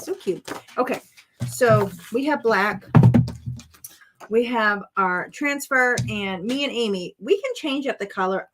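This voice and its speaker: A woman's voice: mid-range voice, noisy background. A woman talks through a home crafting session in a loose, rambling way. She chats straight to her viewers and drifts off topic easily. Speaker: crafting vlog host. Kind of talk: casual chat while crafting.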